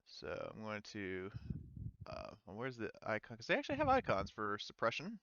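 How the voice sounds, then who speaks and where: Chatty male game master, smooth voice. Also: fairly low pitch, wildly swooping pitch, normal speed, a bit bright, no room sound. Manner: loose and chatty, frequent fillers and restarts. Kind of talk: running a tabletop war game. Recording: slightly dull, lo-fi mic.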